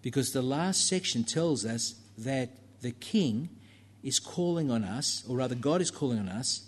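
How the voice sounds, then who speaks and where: A man's voice: medium pitch, lively intonation, unhurried. A man preaching a sermon in a church, talking conversationally with fillers and asides to the congregation.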